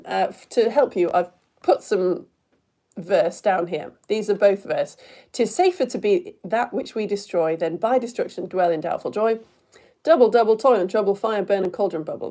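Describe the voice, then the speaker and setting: A middle-aged woman runs a playful quiz in a live-streamed online lesson for all ages, often breaking into giggles and speaking straight to her viewers. Her voice is medium-pitched with a dark tone.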